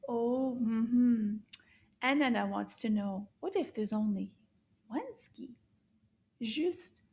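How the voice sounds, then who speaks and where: A woman teaching French to young children, slowly repeating words for them to echo, with soft whispery asides and warm praise. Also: on the high side. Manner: puppet-style play with a pineapple friend. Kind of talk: slow, encouraging kids' language lesson.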